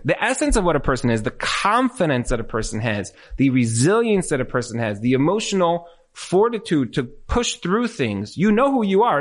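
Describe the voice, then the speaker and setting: A man telling anecdotes in a casual, animated way, acting out what people said in shifting voices, with many "like" fillers. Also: a little high. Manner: animated storytelling, acts out quotes in other voices; conversational, lots of filler "like".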